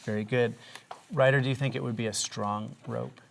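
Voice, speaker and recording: Very low gravelly-voiced woman teacher. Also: fairly even intonation, moderate pace, a little hiss or hum. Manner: patient, encouraging, asks many questions. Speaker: reading teacher. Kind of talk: guiding young children through a reading lesson.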